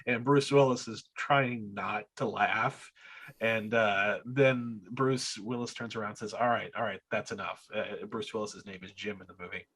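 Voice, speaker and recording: Husky, bright-voiced male podcast co-host. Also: fairly low pitch, measured pace. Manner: storytelling, hesitant with many restarts. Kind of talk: casual chat.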